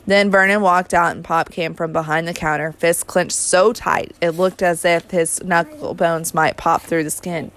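A woman reading a first-person novel aloud in an even, unhurried storytelling manner, recorded close to the mic. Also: fairly low pitch. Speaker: audiobook reader.

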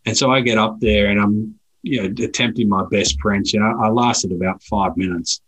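An Australian man talking as a guest, telling travel stories in a relaxed way with frequent restarts. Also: on the low side, moderate pace, breathy edge, rough recording. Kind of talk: casual conversation.

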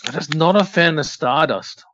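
A man's voice: fairly high pitch, normal speed, a bit bright, dull audio, slight background noise. A man co-hosting a wrestling podcast in casual chat, wry and questioning, laughing often. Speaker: podcast co-host.

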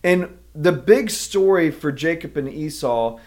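A pastor preaching a sermon in an earnest, emphatic way. His voice sits a touch higher than most men's. He walks his listeners through a Bible story. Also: animated, unhurried, a little mellow. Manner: earnest, emphatic teaching, explaining a Bible passage.

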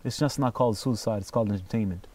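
A man speaking as an interview guest, telling stories in an animated, emphatic way and swearing freely. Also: fairly low pitch, fast talker, far from the mic. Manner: animated, profane, emphatic storyteller. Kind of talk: casual conversation.

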